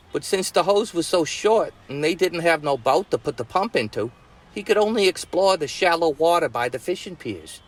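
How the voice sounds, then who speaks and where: A man with a Brooklyn accent telling a story to his nephew, folksy, with rough grammar and chuckling asides. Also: mid-range voice. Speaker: storyteller uncle. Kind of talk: bedtime-style storytelling.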